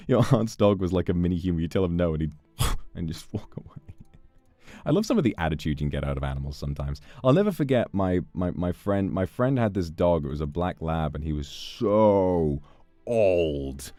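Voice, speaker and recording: A man streaming and chatting casually with his viewers as he reads out donations. He is playful, animated and swears freely, speaking close to the microphone. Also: deep voice, moderate pace, dry recording.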